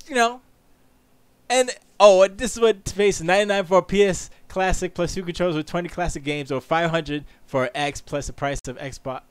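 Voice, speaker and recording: Man, podcast host, high voice, emphatic slangy rant, dry close sound. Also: a bit bright, no echo. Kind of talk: casual livestream rant.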